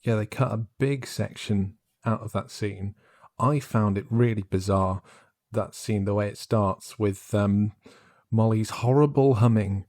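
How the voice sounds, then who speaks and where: A man's voice: fairly low pitch, unhurried, darkish tone, dry recording, studio quality. A man co-hosting a podcast, talking things over in a thoughtful, detailed way. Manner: thoughtful, detailed, reads quotes from scripts. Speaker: podcast co-host. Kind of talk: casual discussion.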